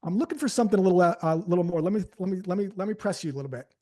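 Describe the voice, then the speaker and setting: A man coaching a sales team live on stage, energetic and conversational, acting out phrasings as he goes. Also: sits high, very fast. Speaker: sales trainer. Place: on stage before an audience.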